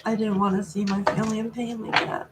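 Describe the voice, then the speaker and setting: A woman tarot reader on a live stream, talking softly and reflectively as she passes on messages from a spirit. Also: mid-range voice, level tone, fast talker. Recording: noisy recording with clicks.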